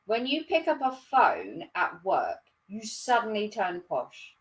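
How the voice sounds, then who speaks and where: A woman's voice: mid-range voice, huge pitch swings, unhurried, far from the mic. Giggly woman with a Norfolk accent. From Norfolk, England. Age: 30s. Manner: chatty, giggly, self-mocking. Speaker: livestream host. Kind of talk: casual chat reading viewer comments.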